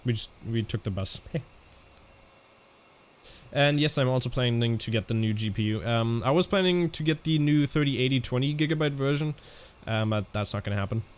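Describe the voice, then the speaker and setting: A man streaming a flight simulator, chatting casually in a halting way and answering viewers' questions as he flies. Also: mid-range voice. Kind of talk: casual live-stream commentary.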